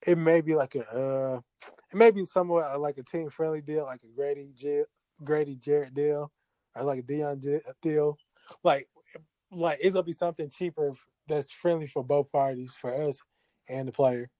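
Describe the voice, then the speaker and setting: Mellow, hesitant man talking sports. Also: on the high side, fairly even intonation, normal speed, dry recording. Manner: hesitant, many restarts and fillers. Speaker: podcast co-host. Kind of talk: casual sports talk.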